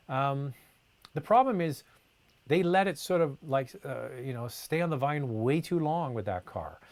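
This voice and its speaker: A man hosting a live question-and-answer stream, reading viewer comments aloud and answering in a casual, chatty way with plenty of fillers. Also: fairly high pitch. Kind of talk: live Q&A chat.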